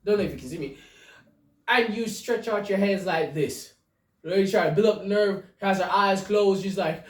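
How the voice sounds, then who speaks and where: A woman's voice: medium pitch, normal speed, far from the mic. A woman hosting a podcast, commenting crudely on jokes, stammering and laughing, in an echoey room away from the mic. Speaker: podcast host. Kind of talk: casual joke commentary.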